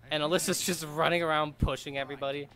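A man's voice: fairly high pitch, level tone, fast, fairly bright tone. A man giving casual, joking let's-play commentary, chatty and laughing often. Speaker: gamer streamer.

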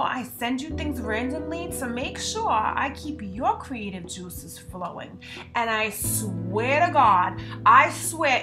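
Casting: woman playing a devoted figure scolding an artist, slow and fairly high. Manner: slow, warning, then soft and grudging. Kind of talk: monologue in animation.

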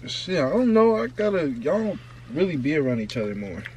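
A man's voice: a little high, very animated, a little fast, a little mellow, a little hiss or hum. A young man joining a casual eating video, answering hesitantly and briefly. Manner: hesitant, mumbled replies. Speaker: guest. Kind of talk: casual chat.

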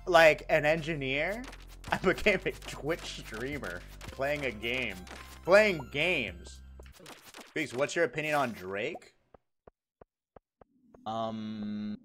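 Young guy streaming, goofy and joking w chat, kinda high voice that bounces all over. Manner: joking and animated, laughs often. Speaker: game streamer. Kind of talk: casual livestream chat, reacting to chat.

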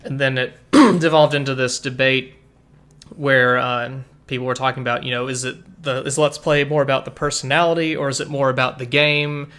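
A man in a relaxed podcast chat, talking at a middle pitch. He lays out his points in a measured, agreeable way, often hedging. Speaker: podcast co-host. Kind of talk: casual chat.

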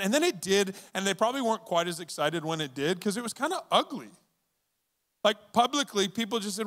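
A man delivers a sermon to his congregation with a loose, conversational energy, slipping into acted-out lines of dialogue. His voice sits fairly high for a man and moves between easy chatter and quieter, earnest stretches. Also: quick pace. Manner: conversational and animated, acting out quoted voices. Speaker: pastor. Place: church auditorium with audience.

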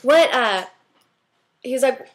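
A woman's voice: sits high, lively intonation, slow. A young woman co-hosting a casual vlog, chatting and telling stories, acting out quotes with laughs. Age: young adult. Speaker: vlog co-host. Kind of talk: casual chat.

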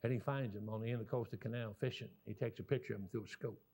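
This guest preacher is a man in his sixties with a Southern US accent and a husky, lowish voice that comes out rapid-fire. His sermon is full of folksy, lively stories that ramble and keep starting over.

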